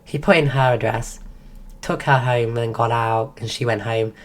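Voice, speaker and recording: A woman's voice: very deep voice, fairly even intonation, normal speed. A woman streamer telling a rambling story in a casual way while sick and losing her voice. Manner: rambling, full of "like" and restarts. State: sick, voice going.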